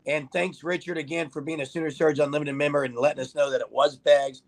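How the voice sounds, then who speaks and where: Chatty male livestream host, gravelly and a touch high-pitched, talks straight to the viewers. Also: steady tone, fast. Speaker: host of a sports livestream show. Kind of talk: casual sports talk, reading viewer comments.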